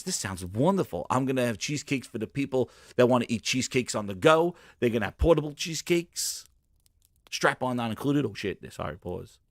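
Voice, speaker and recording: Animated man ranting on a show. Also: medium pitch, dry recording, clean studio sound. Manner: loud, ranting, profane, acts out bits. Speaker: host. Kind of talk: animated solo gaming commentary.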